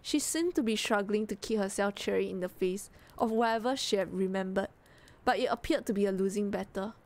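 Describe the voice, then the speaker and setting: A woman streamer reading a story aloud on a live stream in a gentle, measured voice. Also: medium pitch. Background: music.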